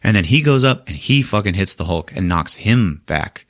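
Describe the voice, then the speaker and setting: A male podcast host with a lowish voice recaps a film casually and with plenty of swearing. His pitch swings widely as he builds up each scene. The mic is close and dry. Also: moderate pace, dry recording. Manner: animated, profane, laughing storyteller.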